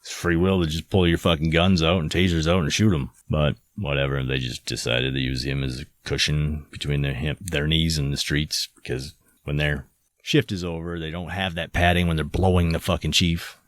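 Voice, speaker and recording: A man's voice: a bass voice, flat delivery, moderate pace, no echo. A man hosting a podcast, delivering an angry, profane, sarcastic monologue. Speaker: podcast host.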